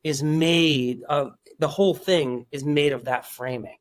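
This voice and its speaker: A man in his forties from Iran, a guest in a casual interview, talking in halting starts with lots of restarts. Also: a little high, fairly even intonation, no room sound, clean studio sound. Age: 40s.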